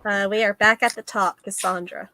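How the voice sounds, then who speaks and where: A woman narrating a tabletop game as game master, giving calm rulings. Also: mid-range voice, normal speed, a little hiss or hum.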